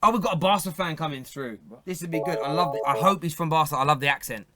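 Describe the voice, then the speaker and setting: A man's voice: fairly high pitch, quick pace, over loud music. A man hosting a live football fan phone-in, chatting casually, teasing and laughing often. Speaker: phone-in show host.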